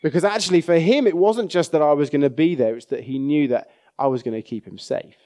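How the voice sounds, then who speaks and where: A man's voice: fairly high pitch, brisk, warm tone. A man preaching a sermon in a conversational way, often checking in with his listeners.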